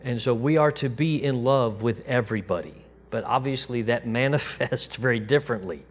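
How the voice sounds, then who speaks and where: A man preaching in a loose, conversational way, his voice sitting at an ordinary middle pitch. When he quotes God he goes hushed and gentle, then comes back up to his normal speaking level. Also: moderate pace, slightly rough. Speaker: pastor. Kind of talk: sermon.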